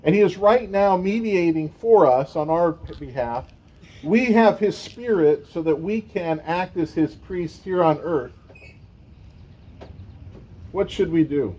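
A man's voice: fairly high pitch, slow, warm tone, husky, poor audio. A man preaching a sermon in a conversational way, with casual asides to the congregation. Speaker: pastor.

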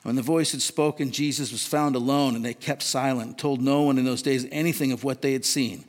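A man's voice: mid-range voice, steady tone, brisk. A man preaching a sermon in an earnest, questioning, conversational way. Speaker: pastor. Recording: long reverb of a large hall.

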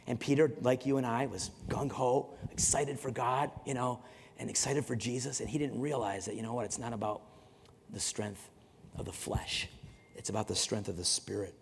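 A man's voice: medium pitch, slight background noise. A man preaching a sermon in a conversational way, often repeating words and acting out stories. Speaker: pastor. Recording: long hall reverb.

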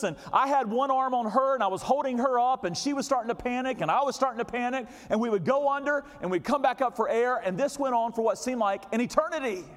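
A middle-aged man preaching a sermon, telling a story dramatically and swinging from loud shouts to quiet low asides. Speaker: pastor. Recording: long hall reverb.

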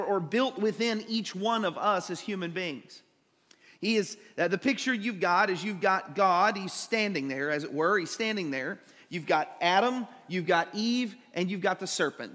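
A man preaching a sermon, telling the story with animated emphasis and acting out the characters' lines. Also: high-pitched. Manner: animated storytelling, acts out voices with rising emphasis. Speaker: pastor. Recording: long hall reverb.

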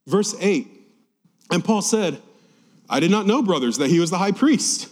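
A man's voice: a little high, moderate pace, pauses often. Guy preaching bible verses, acts out the quotes, echoey big hall sound. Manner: animated, voices scripture quotes dramatically. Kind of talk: sermon, Bible teaching. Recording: long hall reverb.

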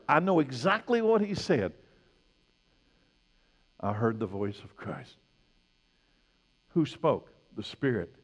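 A male pastor preaching a sermon, swinging from loud emphatic peaks to hushed, low lines. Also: very animated, takes it slowly, long pauses, in a large hall.

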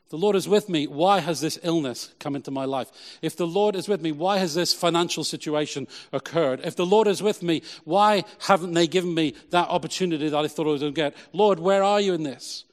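Man preaching a sermon in a hall. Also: on the high side. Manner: emphatic preaching with repetitions and slow stressed phrases. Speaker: pastor.

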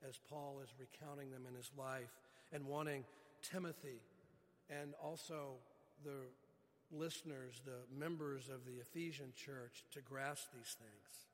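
A man's voice: medium pitch, long reverb tail. A man preaching a sermon as pastor, earnest, stretching key words for emphasis.

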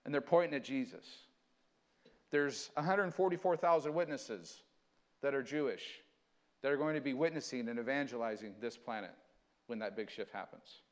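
A man preaching a sermon, switching between earnest conversational teaching and slow, dramatic scripture reading. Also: mid-range voice, expressive. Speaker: pastor.

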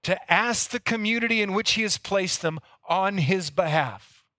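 A man's voice: high voice, moderate pace, bright, forceful tone, no echo, clean studio sound. A man preaching a sermon, telling the story earnestly and sometimes repeating words as he goes. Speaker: pastor.

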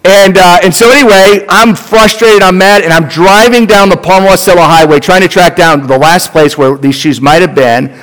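A middle-aged male pastor preaches with a slightly high voice, talking to his congregation like he's chatting with friends. His voice rings out with the long reverb of a church hall. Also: moderate pace, hardly any pauses, a bit bright. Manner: conversational, addresses the congregation directly. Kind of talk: sermon with personal storytelling.

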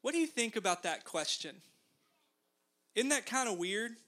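Male pastor, high bright voice, casual animated sermon. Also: moderate pace. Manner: conversational, animated storytelling.

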